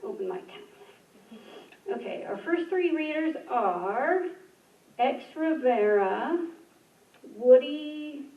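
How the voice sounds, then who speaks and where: A woman's voice: sits high, lively intonation, takes it slowly, long pauses. A woman hosting an open mic in a library community room, joking and laughing at herself as she calls up readers. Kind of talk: casual event hosting. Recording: roomy, distant, dull room sound.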